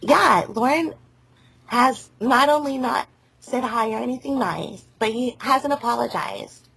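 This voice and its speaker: A high-pitched woman with a husky, breathy voice rambles over a phone call. She keeps losing her thread and laughing, and the sound is dry and close with no room around it. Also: a little slow, a bit bright, no echo. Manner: rambling, laughs often, loses her train of thought. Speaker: caller.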